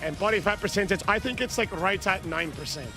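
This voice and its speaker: A man streaming a game live, loudly toasting and thanking his chat with shouted cheers. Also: high-pitched, lively intonation, brisk, music in the background. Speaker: gaming streamer.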